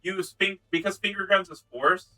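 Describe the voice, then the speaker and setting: A man's voice: sits high, moderate pace, sharp tone, faint music behind, poor audio. A man playing a tabletop game, brash and enthusiastic. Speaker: player.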